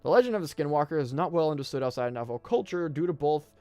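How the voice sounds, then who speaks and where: A man's voice: on the high side, expressive, rapid-fire, dark tone, dry recording, faint music behind. A young man from the United States hosting a casual live-stream podcast, reading aloud, stumbling over words and joking in side remarks. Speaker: podcast host.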